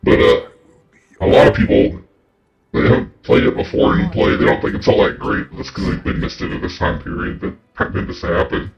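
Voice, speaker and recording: A man's voice: lowish voice, very animated, brisk, creaky. A man streaming a video game, chatting casually with viewers and swearing freely. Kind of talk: casual gaming stream chat. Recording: dull lo-fi mic with faint game music.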